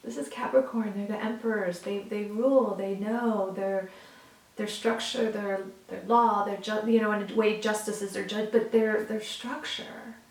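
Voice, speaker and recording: Sitting well back from the microphone in a roomy space, a woman gives her viewers an earnest tarot reading that turns emotional at times and includes the odd curse word. Her mid-range voice holds a steady tone at a moderate pace.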